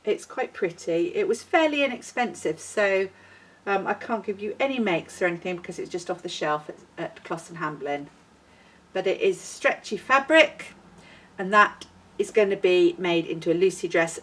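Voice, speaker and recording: A woman hosting a knitting podcast, chatting in a rambling and self-deprecating way. She sounds like she is outdoors in a windy garden. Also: medium pitch. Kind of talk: casual chat. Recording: voice a little far from the mic.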